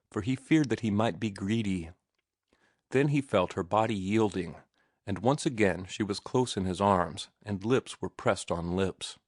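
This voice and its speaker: Male narrator, low voice, calm measured audiobook reading, dry close sound. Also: no room sound. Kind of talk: scripted narration.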